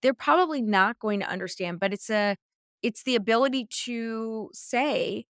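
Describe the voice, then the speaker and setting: A woman's voice: mid-range voice, moderate pace, a bit bright, smooth, no room sound, studio quality. A woman hosting a podcast interview, talking in a chatty, gushing way with lots of "like" fillers. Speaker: podcast host. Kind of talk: conversational interview.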